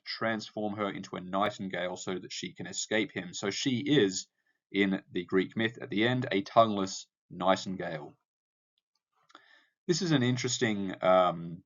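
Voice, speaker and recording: Low-voiced man teaching poetry, muffled. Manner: explanatory, many ums and uhs. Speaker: English teacher. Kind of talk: lecture on poetry analysis.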